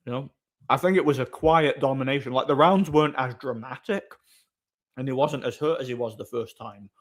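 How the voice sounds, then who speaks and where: Streamer, middle-pitched voice, loose rambling chat replies. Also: male voice, a little fast. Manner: rambling, answers chat comments aloud. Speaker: live streamer. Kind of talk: casual live-stream chat.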